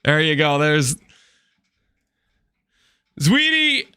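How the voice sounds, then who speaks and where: A man streaming a game, chatting with viewers in an animated, teasing way with quick asides. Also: fairly high pitch, smooth. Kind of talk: livestream chat with viewers.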